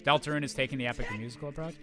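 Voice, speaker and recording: A man's voice: mid-range voice, racing. A man streaming a game and chatting casually with viewers, rambling upbeat with lots of restarts and fillers, with faint game music behind him. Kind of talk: casual chat while gaming.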